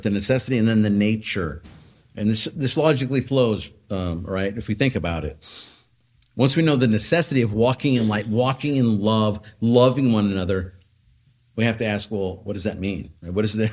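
Male preacher, lowish voice, teaching sermon, loose and conversational, with tag questions and fillers. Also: a little mellow. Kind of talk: expository sermon.

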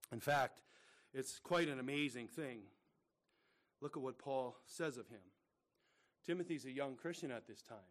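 A man's voice: mid-range voice, fairly bright tone. A middle-aged male pastor preaching a sermon, earnest and full of rhetorical questions, calling his listeners brethren.

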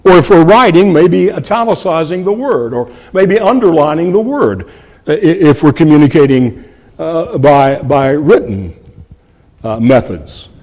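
A man delivers an expository sermon at an unhurried pace. His voice sits fairly high and swings widely in pitch as he stresses words. He speaks earnestly, repeats key phrases for emphasis and calls his listeners friends. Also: lively intonation, darkish tone, big-room sound. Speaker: preacher.

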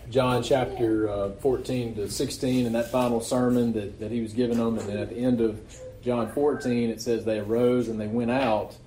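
A man's voice: medium pitch, mellow. A man preaching a sermon in a loose, conversational way, often asking rhetorical questions. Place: church meeting hall. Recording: echoey hall recording.

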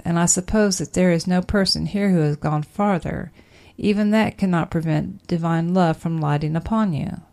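A woman reading an old sermon aloud in a measured, emphatic preaching manner. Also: on the low side, gravelly, warm tone. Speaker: sermon reader.

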